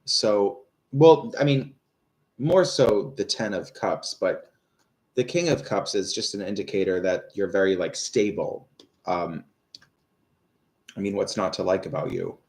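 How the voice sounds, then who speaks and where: A man's voice: low voice, measured pace, a little mellow. Hesitant rambling man reading tarot. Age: 30s. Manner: rambling, hesitant, full of fillers. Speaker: tarot reader. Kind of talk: live-stream tarot reading.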